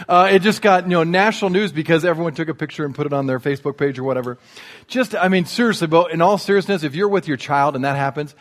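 High-pitched male preacher, self-deprecating humor, church sermon. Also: fast talker. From Indiana. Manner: joking, self-deprecating storyteller. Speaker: guest preacher. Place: church sanctuary.

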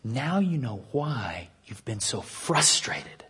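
A man preaching an earnest sermon, dropping to a hush and slowing down to stress key points. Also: medium pitch, sing-song, slight background noise. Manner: earnest preaching with hushed, slowed emphasis. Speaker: pastor.

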